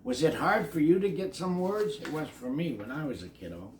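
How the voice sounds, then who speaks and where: A man's voice: fairly high pitch, very animated, normal speed, hardly any pauses, slight background noise. An older man reading a picture book aloud to children, adding chatty asides to his young listeners. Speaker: storybook reader. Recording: echoey room.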